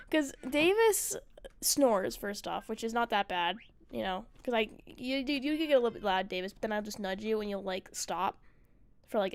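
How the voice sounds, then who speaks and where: High-voiced woman telling a rambling story. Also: no room sound. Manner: rambling, profane, frequent "like" fillers, laughs. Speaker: streamer. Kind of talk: casual storytelling chat.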